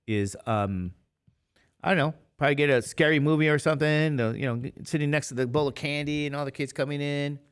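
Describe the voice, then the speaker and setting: A man's voice: fairly high pitch, clear, resonant tone. A man in his fifties, a math teacher talking casually and rambling to his class between examples. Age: 50s. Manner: chatty, rambling, jokey asides to students.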